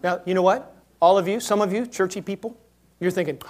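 A man preaching a sermon in a church, moving between quiet asides and loud acted-out quotes. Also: high voice, fairly quick. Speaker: pastor.

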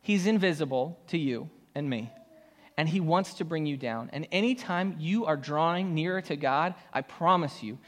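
A man's voice: a little high, moderate pace. A man preaching a casual sermon as pastor, talking loosely with slang and fillers. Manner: conversational, slangy, many fillers. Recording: long hall reverb.

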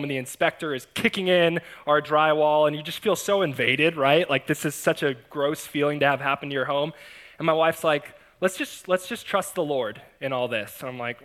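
A man preaching to his congregation, telling a personal story with humor and frequent laughs, acting out the voices of the people in it. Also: fairly high pitch. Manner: animated, self-mocking, laughs often. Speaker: pastor. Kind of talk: storytelling sermon.

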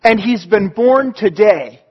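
Excitable high-voiced man telling a sermon story. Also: slow, husky, muffled recording. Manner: excitable, animated. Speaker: storyteller preacher.

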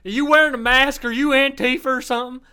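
A rowdy redneck picking a fight at a bar, as a man puts him on, barking and swearing. The voice is pushed high and loud and stays confrontational throughout. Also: fairly even intonation, quick pace, clear, resonant tone, heavily acted. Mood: belligerent.

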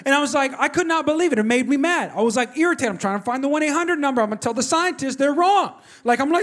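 A middle-aged man, preaching a sermon in an animated, conversational way and talking directly to his congregation. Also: very high voice, fast, hardly any pauses. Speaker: pastor. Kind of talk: sermon with personal storytelling.

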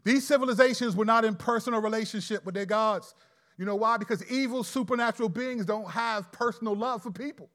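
A man preaching a sermon, emphatic, with sudden loud stresses and slowed key phrases. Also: high-pitched.

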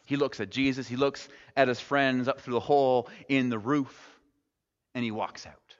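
A male pastor preaching a sermon, telling the story in a relaxed, conversational way and dropping wry jokes along the way. His mid-pitched voice rings out with a long reverb through a church sanctuary. The recording sounds dull and lo-fi. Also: normal speed. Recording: echoey hall, dull lo-fi sound.

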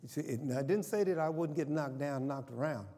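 A man's voice: fairly high pitch, brisk, dark tone. A man preaching a sermon in a church, often asking the congregation questions and having them repeat sayings. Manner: call-and-response, asks congregation questions. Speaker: pastor. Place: church sanctuary. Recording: long reverb of a church hall.

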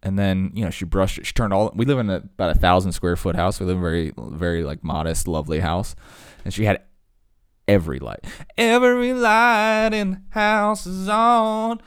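A man's voice: low voice, fast talker, a little mellow, clean tone, dry recording, clean studio sound. A man talking casually, rambling through stories with lots of fillers and asides.

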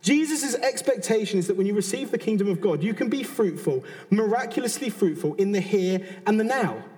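A man's voice: sits high, expressive, a little fast, a little mellow. A British man in his thirties preaching a sermon in an earnest, conversational way, often restarting and adding asides. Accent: British English. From Britain. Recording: long hall reverb.

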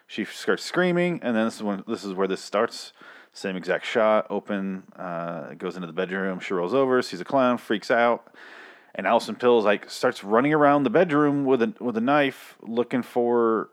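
A man's voice: fairly low pitch, expressive, normal speed. Rambling, profane man reviewing TV. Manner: rambling, profane, self-correcting. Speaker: host of a TV review show. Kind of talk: casual review commentary.

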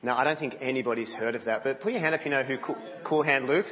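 A man preaching a sermon in a church, telling stories in an animated way and dropping to a hush. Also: mid-range voice, fast talker, faint music behind. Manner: animated storytelling, drops to a hush. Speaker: guest preacher. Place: church, indoors. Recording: reverberant, muffled church hall.

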